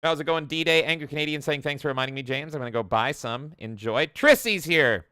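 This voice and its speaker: A man's voice: a little high, fairly even intonation, quick pace, sharp tone, clean tone, dry recording, clean studio sound. A man co-hosting a gaming podcast in casual chat, jokingly reading out live chat comments. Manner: chatty, jokey, reads chat comments aloud. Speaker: podcast co-host.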